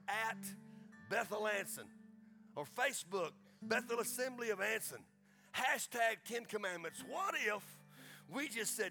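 A man with a Texas accent preaching a folksy sermon as pastor, building to excited crescendos and closing in prayer. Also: high-pitched, vocal fry.

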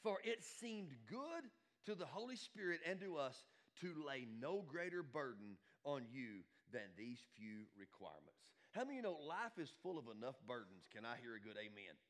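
A male pastor preaching a lively sermon, swinging from shouts to hushed asides. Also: mid-range voice, moderate pace.

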